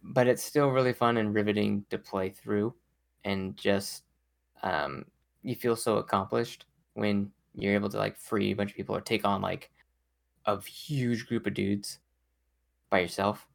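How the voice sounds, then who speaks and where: An enthusiastic man co-hosting a casual podcast, with a gravelly, creaky edge to his voice. He talks in an animated, excited way. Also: on the low side, unhurried. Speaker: podcast co-host.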